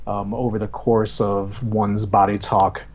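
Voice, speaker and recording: A man from the US, a guest instructor, speaking in a thoughtful, measured way with many fillers on a video call. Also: fairly low pitch, flat delivery, a little mellow, lo-fi sound, a little hiss or hum. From USA. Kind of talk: casual video call interview.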